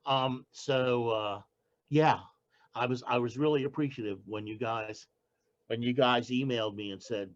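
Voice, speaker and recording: An older man, a poet being interviewed, who talks casually and haltingly, with many restarts. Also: mid-range voice, fairly even intonation, muffled recording. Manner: halting, with frequent restarts and fillers. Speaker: poet guest.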